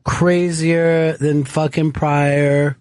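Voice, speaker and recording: A man's voice: on the high side, very slow, smooth, no room sound. A man co-hosting a comedy talk show, swearing freely and laughing through his stories. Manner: profane, laughs often, lively storytelling. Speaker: podcast co-host. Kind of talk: casual comedy banter.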